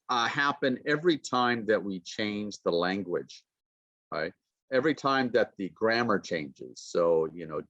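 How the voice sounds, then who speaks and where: A man teaching a pronunciation lesson, modeling phrases slowly and repeating sounds. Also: medium pitch, fairly bright tone, no room sound, dull audio. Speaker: university lecturer.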